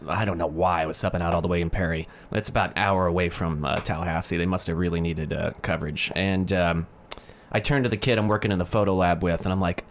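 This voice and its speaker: A man's voice: deep voice, fast talker, slight background noise. A man from Florida, a podcast guest, telling stories in casual conversation and acting out what others said. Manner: storytelling, animated quoting of others.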